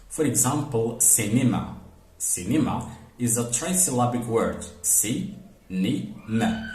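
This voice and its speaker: A man teaching a phonetics lesson. He explains step by step, repeats example words slowly and keeps saying "okay" and "for example". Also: on the low side, a little mellow, reverberant.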